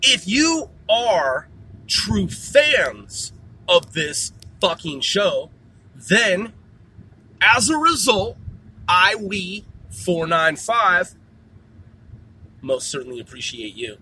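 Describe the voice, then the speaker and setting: A man's voice: high-pitched, sing-song, extremely slow, long pauses, sharp tone, husky. A man hosting his own show in a rambling, casual monologue, swearing constantly. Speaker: podcast host.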